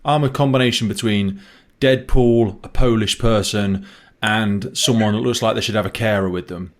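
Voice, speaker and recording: A man's voice: lowish voice, normal speed. A man hosting a podcast, chatting casually with blunt, self-mocking remarks and swearing. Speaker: podcast host. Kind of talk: casual chat.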